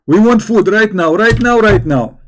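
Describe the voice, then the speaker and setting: A man's voice: sits high, lively intonation, normal speed, pitched above the performer's own voice. A man voicing a group of stubborn, greedy grown men who whine and insist on getting food right now. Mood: whiny demanding. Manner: whiny, insistent.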